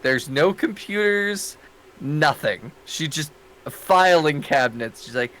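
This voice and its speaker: Easygoing guy running a tabletop game, bright voice, slow, lots of pitch movement. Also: lively intonation, poor audio. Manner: easygoing, hums to himself. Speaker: game master.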